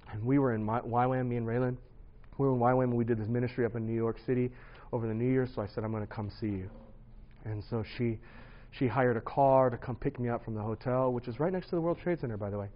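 A man in his thirties shares his testimony in an earnest, conversational way. His voice sits at an ordinary middle pitch, and the recording sounds a bit dull and lo-fi. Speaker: speaker sharing his testimony. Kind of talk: personal testimony talk.

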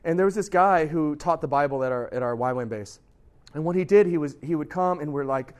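A man teaching a youth group about Scripture in a casual, animated way, often putting questions to his listeners. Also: fairly high pitch, a little fast. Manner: animated, acts out quoted voices; conversational, asks the listeners questions.

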